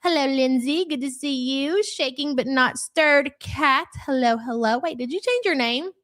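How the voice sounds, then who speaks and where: Middle-aged female live-stream host with a high voice, brash and profane, casual chat. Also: moderate pace, a bit bright. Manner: brash, swears freely, rattles off viewer names. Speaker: livestream host.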